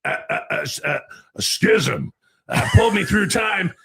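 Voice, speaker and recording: Man playing a raspy, gravelly conspiracy ranter, stammering and excitable, a bit high. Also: a little slow, slight background noise, full character voice. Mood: ranting. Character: ranting male conspiracy broadcaster telling a wild time-travel tale.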